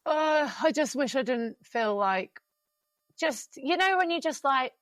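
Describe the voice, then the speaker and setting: A woman, hosting a podcast and venting candidly in quick runs, swearing freely. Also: sits high, lively intonation, a bit bright, no echo. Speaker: podcast host. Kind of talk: casual podcast chat.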